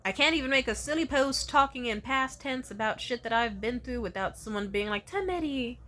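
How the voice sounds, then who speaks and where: A woman's voice: on the high side, a little fast, sharp tone. A young woman vlogging, ranting in an exasperated, heavily profane way about commenters who misjudge her. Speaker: content creator. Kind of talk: casual ranting vlog.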